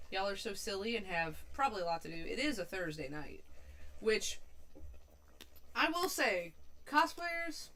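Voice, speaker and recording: A woman's voice: medium pitch, bright, forceful tone. A young woman hosting a casual cooking livestream, chatting and rambling loosely with her viewers and swearing casually. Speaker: livestream host.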